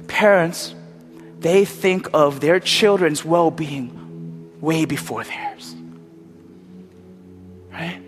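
A pastor giving a sermon in a storytelling way, animated, with many fillers. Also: male voice, on the high side. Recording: long hall reverb.

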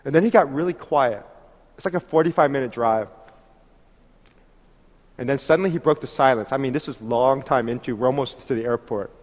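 A man telling a story in a sermon, animated and acting out conversations with laughter. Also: medium pitch, normal speed, long pauses. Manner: animated, acts out dialogue with laughs. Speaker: preacher. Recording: long hall reverb.

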